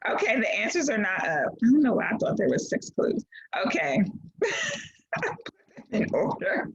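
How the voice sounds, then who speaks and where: A woman's voice: on the high side, big pitch swings, a little slow, gravelly, husky. A woman teaching a class over a video call, playful and encouraging, reading out clues. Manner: playful, encouraging, laughs often. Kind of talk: online class lesson. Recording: dull lo-fi video call audio.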